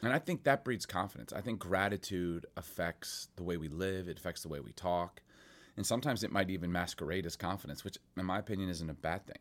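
A middle-aged man telling family stories in a casual chat, animated and laughing often. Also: brisk. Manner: animated storytelling, laughing, voice jumping high for quotes.

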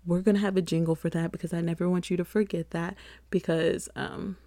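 A woman's voice: lowish voice, little pitch movement, brisk, dark tone, no echo. Chatty rambling young woman podcaster. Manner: rambling, chatty, laughs often, self-deprecating. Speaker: podcast host. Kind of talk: casual solo podcast chat.

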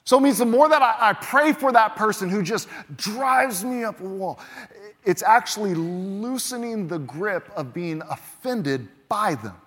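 A higher-pitched man preaches from the pulpit, leaning hard into key words and then dropping to a hush. His voice rings out through the long reverb of a large church hall. Each point lands with insistent emphasis. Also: animated, unhurried, breathy edge. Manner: emphatic, swings between loud punches and quiet drops. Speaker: pastor. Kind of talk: sermon.

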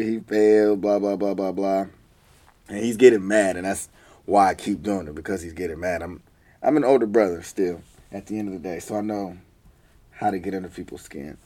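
A young man with a lowish voice telling stories from his childhood, loose and slangy. He laughs often and teases as he talks, in a relaxed, chatty vlog manner. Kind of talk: casual storytelling.

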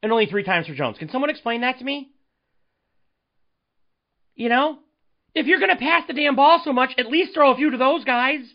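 A man's voice: very high voice, normal speed, pauses often, muffled recording. Exasperated man ranting on a podcast. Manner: animated, exasperated ranting with rhetorical questions. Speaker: podcast host. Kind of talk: solo sports commentary podcast.

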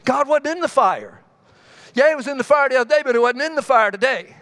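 A man's voice: very high voice, a bit bright. A man preaching a sermon in a folksy, conversational way, telling homespun stories and calling out to the congregation. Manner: tells homespun stories with quick asides to the congregation.

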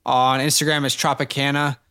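A man co-hosting a casual fantasy football podcast, energetic and hype-building as he talks. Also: medium pitch, fairly quick, clean tone. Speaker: podcast co-host. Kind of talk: casual sports podcast chat.

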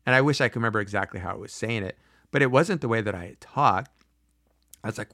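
A man in his forties telling a personal story in a casual, animated way, acting out quoted voices, with frequent fillers and restarts. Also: mid-range voice, fairly quick, no room sound, studio quality.

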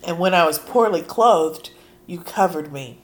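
Hoarse woman preaching, slow and earnest. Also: fairly low pitch, expressive. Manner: earnest, conversational, reads scripture aloud with emphasis. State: hoarse from allergies. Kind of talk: sermon.

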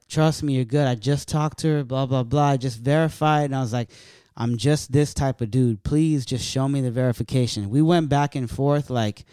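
A man's voice: mid-range voice, clear, resonant tone, no room sound, clean studio sound. A man from California, a stand-up comedian, telling loose, profane stories in casual chat. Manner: loose, profane, animated storytelling.

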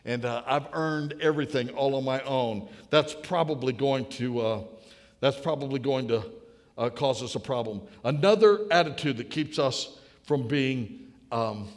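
Man, late 50s, storytelling preacher, folksy and humorous, long hall reverb. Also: medium pitch. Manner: folksy, anecdotal, builds to punchlines. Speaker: speaker at a podium. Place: large hall with an audience.

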